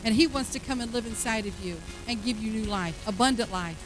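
A middle-aged woman pastor preaching a sermon, acting out everyday lines with animated energy, then turning to a hushed altar call. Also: on the high side, a little fast, music in the background, low-quality recording. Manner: soft, hushed invitation at the close.

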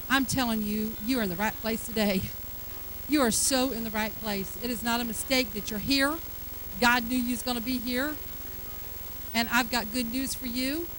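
A middle-aged woman pastor preaching a sermon, acting out everyday lines with animated energy, then turning to a hushed altar call. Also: fairly high pitch, a little hiss or hum, low-quality recording. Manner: soft, hushed invitation at the close.

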